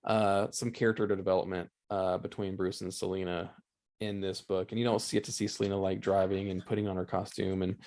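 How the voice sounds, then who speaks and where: A man on a podcast as a guest in casual chat, talking haltingly with many restarts. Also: low-pitched, level tone, a little mellow. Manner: hesitant, lots of fillers and restarts.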